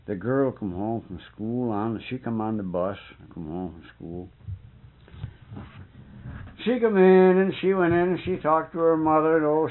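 A man in casual conversation, telling stories in a folksy rural dialect with cusses and lively retelling. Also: medium pitch. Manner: folksy dialect, swears and laughs, animated retelling. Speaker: storyteller. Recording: muffled phone-like old tape.

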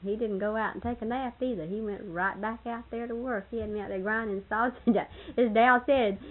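An older woman with a husky voice, reminiscing casually about family and laughing often as she tells stories. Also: fairly high pitch, fairly even intonation, brisk, phone-quality sound. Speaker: storyteller in family history interview.

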